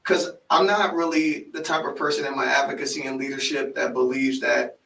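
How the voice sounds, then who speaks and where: A man hosting a podcast interview in a casual, animated way, often affirming his guest. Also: mid-range voice, a little fast, creaky. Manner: animated, frequent affirming "mm-hmm", restarts when excited. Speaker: podcast host and life coach. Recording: echoey room, mic at a distance.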